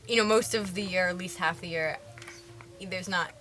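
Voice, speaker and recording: A woman's voice: fairly low pitch, normal speed, a bit bright, soft background music. A young woman with a Canadian accent, a musician chatting loosely in an interview, rambling and saying "like" a lot. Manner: rambling, heavy use of "like". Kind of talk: casual interview chat.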